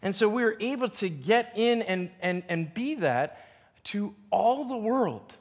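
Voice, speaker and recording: A man preaching a sermon as a pastor, animated and playful, acting out quoted voices. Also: sits high, takes it slowly. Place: church.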